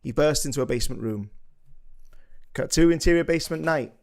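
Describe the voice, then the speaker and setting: A man's voice: on the high side, fairly quick, a little mellow. A man narrating the scene headings and stage directions of a live script read in a matter-of-fact way.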